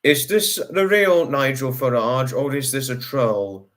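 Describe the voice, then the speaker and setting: A man from the United Kingdom hosts a relaxed livestream, reading out viewer comments and chatting in a rambling way. He speaks a little slowly at an ordinary middle pitch, though his voice jumps high whenever he greets someone.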